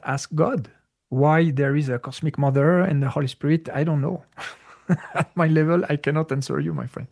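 A man in a casual question-and-answer talk, explaining spiritual ideas in English that is clearly not his first language. His voice sits a bit high for a man and has a gravelly fry. He talks haltingly, wandering off on side tracks, with plenty of "uh" and restarted phrases. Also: darkish tone. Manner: halting and digressive, with many fillers and restarts; non-native English phrasing. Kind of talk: casual spoken Q&A.

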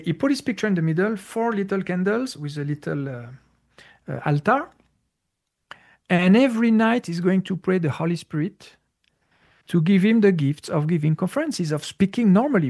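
Interviewee, male, gravelly voice pitched a bit high, halting storyteller with many fillers. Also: animated, a little mellow. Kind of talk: casual spiritual storytelling.

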